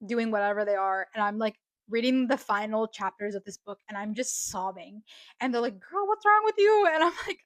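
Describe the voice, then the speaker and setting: A young woman talks through a book review in a loose, excited ramble, full of fillers and restarts. Her voice sits a little high. The recording is dry and close, with no room sound. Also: no echo. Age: young adult. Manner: chatty, gushing, many fillers. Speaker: book vlogger.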